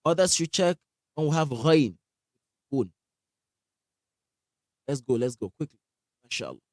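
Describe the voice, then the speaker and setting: A man leads a live online recitation lesson. He is energetic, quizzes his class, and repeats sounds to show how they are made. His voice sits a little high, and the sound is dry and close. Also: unhurried, no room sound. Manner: asks the class questions. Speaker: Quran recitation teacher.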